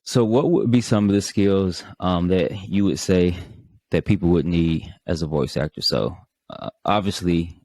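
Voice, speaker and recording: A man's voice: low voice, measured pace, darkish tone, dry recording. A man hosting a podcast, asking questions in a rambling, hesitant way. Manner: rambling, hesitant, many fillers and restarts. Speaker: podcast host. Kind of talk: casual podcast interview.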